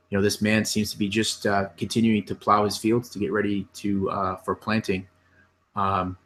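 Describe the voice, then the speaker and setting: A man narrating as game master, describing scenes in a relaxed, meandering way. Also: on the low side.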